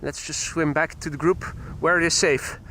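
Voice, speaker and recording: A man's voice: a little high, steady tone, moderate pace, pushed and bright, a little hiss or hum, voice pushed down. A man voicing a nervous, suspicious male duck who mutters about a stranger and wants to swim back to his group. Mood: wary.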